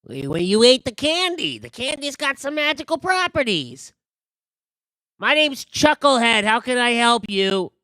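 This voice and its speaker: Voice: medium pitch, big pitch swings, a little slow, sharp tone, dry recording, pitched above the performer's own voice. A game master voicing a cheeky, pushy male candy vendor with a pumpkin for a head, talking in a brash, streetwise way. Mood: chirpy.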